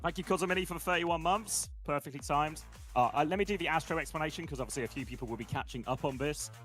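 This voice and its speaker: A man's voice: on the high side, quick pace, fairly bright tone, faint music behind. A man co-casting a stream, teasing and laughing often in casual chat. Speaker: co-streaming esports caster.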